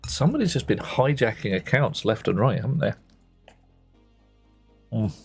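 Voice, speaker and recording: A man's voice: mid-range voice, sing-song, moderate pace, vocal fry, soft background music. A man giving chatty, self-mocking commentary while playing a game on a live stream, muttering asides to himself.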